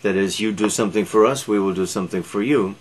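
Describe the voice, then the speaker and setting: A man's voice: fairly low pitch, fast talker, a little hiss or hum, close to an everyday voice. A man voicing a kindly, practical woman in a read-aloud animal story, setting terms in a matter-of-fact way. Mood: bargaining.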